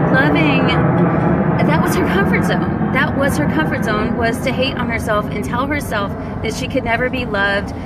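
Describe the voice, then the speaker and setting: A woman talking casually to viewers on a live stream, animated and slangy, acting out what people said and laughing often. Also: on the high side, very noisy. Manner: animated, slangy, laughs a lot, acts out quotes. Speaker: online business vlogger.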